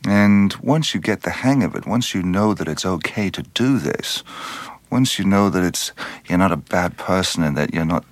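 An Irish-born man with a very deep voice talks through an interview in a reflective, unhurried way. He often restarts and lets phrases trail off. The sound is dry and close. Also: animated, dry recording. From Ireland. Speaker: actor, interview guest.

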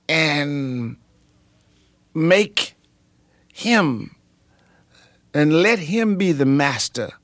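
An older man, a pastor, telling his story in an interview, halting with many ums and jumping high in pitch as he relives it. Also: no room sound. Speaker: pastor and singer, interview guest.

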